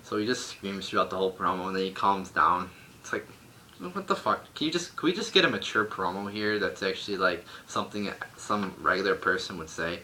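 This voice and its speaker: Young guy with a low voice, super bright and forceful, cussing up a storm, faint hiss behind. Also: fairly quick. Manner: profane, blunt, exasperated ranting. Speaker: wrestling show reviewer. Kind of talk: casual ranting review. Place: home room.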